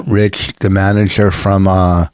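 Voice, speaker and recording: A man's voice: deep voice, little pitch movement, unhurried, a little mellow, clean tone, no room sound, studio quality. A man co-hosting a comedy podcast, telling long, rambling anecdotes in casual banter.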